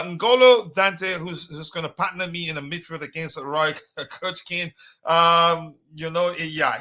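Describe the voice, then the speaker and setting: Bright-voiced man hosting a live stream. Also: fairly high pitch. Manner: hesitant, many fillers, reads chat aloud. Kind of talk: casual live stream chat.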